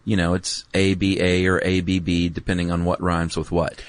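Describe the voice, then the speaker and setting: A man's voice: deep voice, completely flat delivery, normal speed. A man co-hosting a podcast, talking in a laid-back, meandering way with lots of ums and asides. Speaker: podcast co-host. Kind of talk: casual explanatory chat.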